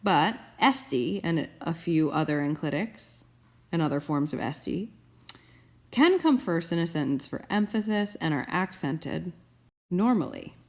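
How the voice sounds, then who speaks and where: A woman professor calmly explaining grammar rules step by step in a recorded tutorial, with playful asides. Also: low-pitched, measured pace. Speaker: Ancient Greek professor.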